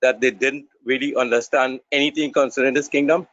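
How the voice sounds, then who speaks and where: A man's voice: mid-range voice, steady tone, brisk, a bit bright, no room sound. A man in an online Bible class asking a question, hesitant and stumbling over his words. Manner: hesitant, stumbling, many restarts. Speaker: class participant. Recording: dull, dry online call audio.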